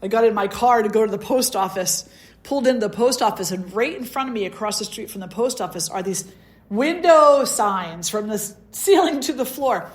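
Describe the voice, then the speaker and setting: A woman's voice: on the high side, animated, fairly quick. Middle-aged woman spiritual teacher; storyteller voice, plays out the dialogue in her talk. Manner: storytelling, acts out quoted dialogue. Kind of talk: satsang talk, personal story.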